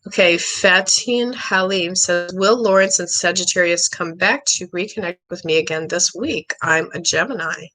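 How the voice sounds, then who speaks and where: A middle-aged woman hosting a live psychic reading stream, chatty and rambling, excitable, often clearing her throat. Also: lowish voice, moderate pace, hardly any pauses, rough recording. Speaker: psychic medium host.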